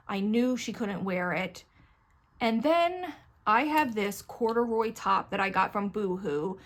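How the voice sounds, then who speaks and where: A woman's voice: medium pitch, fairly bright tone. A middle-aged woman chatting candidly to her viewers at home while she does her makeup, rambling and talking to them directly, close to the camera. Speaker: beauty vlogger. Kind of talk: casual get-ready-with-me chat.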